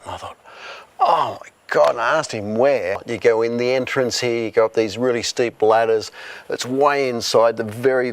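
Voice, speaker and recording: A man telling stories from his past in a casual, lively way, acting out what people said to him. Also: lowish voice. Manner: animated, acts out dialogue in the retelling. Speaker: interviewee recounting past events. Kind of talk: casual storytelling.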